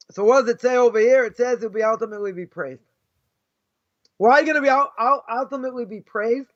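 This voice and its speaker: A man's voice: extremely high pitch, fast. A man, a rabbi, giving an informal talk on Jewish ethics, often asking "right?" and acting out the voices in his stories. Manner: animated, repeats "right?" often, acts out quoted voices. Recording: dull lo-fi sound.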